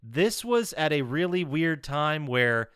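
A man hosting a casual podcast chat, leading the segments and reading out trivia in an animated way. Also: a little high, takes it slowly, clean tone, no room sound, studio quality. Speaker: podcast host.

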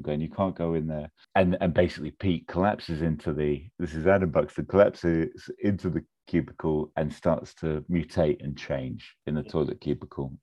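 A man with a very low, mellow voice talks through a film idea in casual chat. He rambles with lots of restarts and fillers, and the audio is a little dull.

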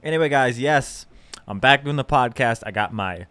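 A young man talks through his week on a solo podcast in a loose, rambling way, full of fillers and false starts. His voice sits in an ordinary middle pitch. The sound is dry and close, with no room around it. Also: lively intonation, moderate pace, a bit bright, smooth, no room sound. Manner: rambling, self-deprecating, lots of fillers and restarts. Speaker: podcast host. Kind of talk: casual solo podcast chat.

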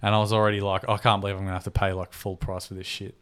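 A man's voice: on the low side, rapid-fire, clear, resonant tone. A man in his thirties, a podcast co-host, telling a story casually, swearing freely and acting out the people he quotes. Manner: animated, swears freely, acts out quoted voices.

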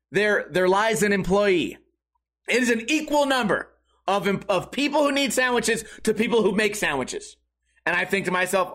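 A man's voice: high-pitched, a bit bright. A man telling a comic story in a sarcastic, exaggerated, profane rant.

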